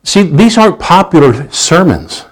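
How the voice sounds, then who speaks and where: A man preaching a sermon, reading scripture aloud in a raised, slowed voice and then dropping into low, conversational asides, often repeating himself. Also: big pitch swings, low-quality recording. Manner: repeats and restarts words while preaching. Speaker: pastor.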